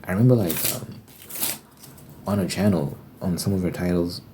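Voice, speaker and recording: Very deep-voiced man rambling in ASMR. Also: moderate pace. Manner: rambling, unfiltered, swears casually. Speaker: ASMR creator. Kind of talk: casual ASMR chat over tapping. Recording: clear background noise. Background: tapping and card shuffling noise.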